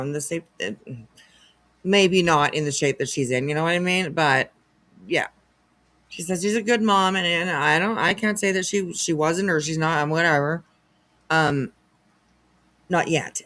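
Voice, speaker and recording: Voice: medium pitch, a bit bright. Casual commentary host, chatty, sarcastic, laughing asides.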